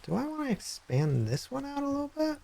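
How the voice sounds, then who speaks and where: Brief: man streaming games at a desk mic, halting rambling delivery, swinging pitch. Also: vocal fry, slight background noise. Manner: rambling, hesitant, bursts into excited high-pitched reactions. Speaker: game streamer. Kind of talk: live gameplay stream chat.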